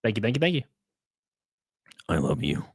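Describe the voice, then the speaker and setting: A man's voice: lowish voice, sing-song, normal speed, husky, dry recording, studio quality. A man hosting a casual live stream, joking and rambling as he thanks viewers. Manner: joking, rambling, often laughing.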